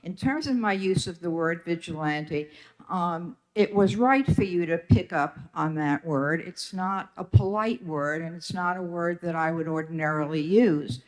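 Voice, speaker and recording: An older witness giving formal testimony at a legislative hearing, measured and deliberate with frequent pauses and ums. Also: mid-range voice.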